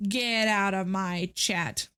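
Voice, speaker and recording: A woman's voice: mid-range voice, takes it slowly, sharp tone, clear, resonant tone. A young woman streamer chatting casually to her viewers, ranting with dramatic, exasperated outbursts. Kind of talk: casual live-stream chat.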